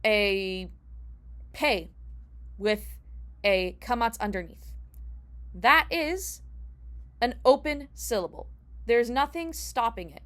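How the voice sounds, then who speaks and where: A woman's voice: fairly high pitch, fairly bright tone. A young woman teaching a casual lesson as a rabbinical student, chatty, asking herself rhetorical questions and restarting her phrases.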